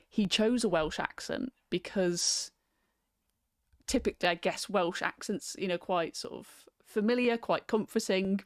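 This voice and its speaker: A woman's voice: medium pitch, no echo, studio quality. A woman hosting a casual livestream film chat, talking loosely with many ums and reading out viewer comments. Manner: chatty, reads out viewer comments, frequent ums. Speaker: host.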